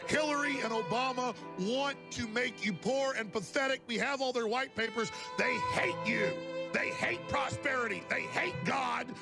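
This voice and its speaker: A man giving an emotional, impassioned rant that builds to shouting. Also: very high voice, moderate pace, gravelly, over music. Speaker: radio show host in archive clips. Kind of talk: impassioned ranting talk.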